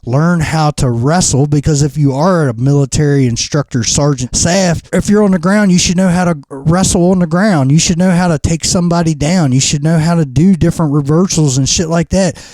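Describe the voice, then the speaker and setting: A middle-aged man sounds off bluntly in a podcast interview, cursing freely as he gets fired up. His voice sits a little high for a man but has a mellow, warm tone. It is recorded dry and close. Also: fairly quick, hardly any pauses, dry recording. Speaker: pro wrestler and trainer.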